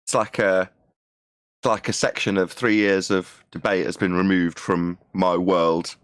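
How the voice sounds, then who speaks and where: A man's voice: low-pitched, flat delivery, unhurried, smooth, no room sound. A man chatting on a live stream with dry, sarcastic humor. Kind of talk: casual live-stream chat.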